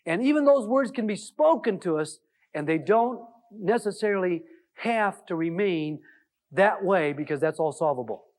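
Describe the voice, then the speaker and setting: A man's voice: high voice, expressive, moderate pace. A man giving a live relationship seminar, telling stories and acting out the dialogue in them, with many "uh" fillers. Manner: storytelling, acting out quoted dialogue; conversational, with frequent "uh" fillers. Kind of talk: live seminar talk to an audience.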